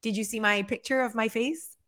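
A woman co-hosting a casual chat, talking fast with lots of fillers and acting out what people say. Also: fairly high pitch. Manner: chatty, filler-heavy, animated storytelling. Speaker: podcast co-host.

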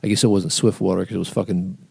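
A man's voice: sits low, level tone, fast, creaky, darkish tone, husky, no echo. A man co-hosting a casual podcast, telling rambling stories and swearing freely. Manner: rambling, swears a lot, acts out quotes. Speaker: podcast co-host. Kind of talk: casual profane storytelling.

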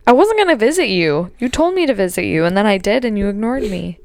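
A woman's voice: medium pitch, very animated, quick pace, a little mellow, no echo. A woman co-hosting a casual podcast, playful and teasing, often laughing. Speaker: podcast co-host. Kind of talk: casual chat.

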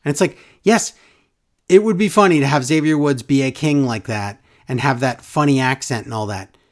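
This podcast host is a man with a medium pitch who talks at a moderate pace. His chat is loose and full of opinions, and he mocks wrestlers with lively, overblown impressions when quoting them.

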